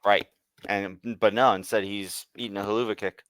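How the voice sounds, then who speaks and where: A man co-hosting a wrestling podcast, speaking in a relaxed way and often chiming in with quick agreement. His voice sits low and comes across smooth and clean, recorded dry and close. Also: no room sound. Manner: laid-back, mostly short agreeing replies. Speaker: podcast co-host. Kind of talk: casual wrestling recap chat.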